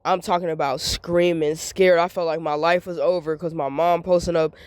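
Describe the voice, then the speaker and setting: A woman's voice: fairly low pitch, fairly even intonation, moderate pace, a little mellow, smooth, no room sound. Young woman vlogger, candid venting monologue, emphatic and repetitive, dry close sound. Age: young adult.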